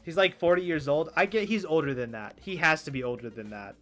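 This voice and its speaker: Hoarse young man rambling while gaming. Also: a little high, brisk, fairly bright tone. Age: 20s. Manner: rambling, stammering restarts, swears freely. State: hoarse, strained voice. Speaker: gaming streamer. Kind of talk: casual chat while playing a game.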